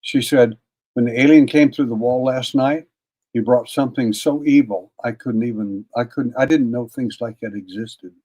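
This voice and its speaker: An older man, a guest on an interview, telling a long personal story in a folksy, casual way, often repeating words and clearing his throat. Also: medium pitch, normal speed, dark tone. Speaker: interview guest, paranormal investigator.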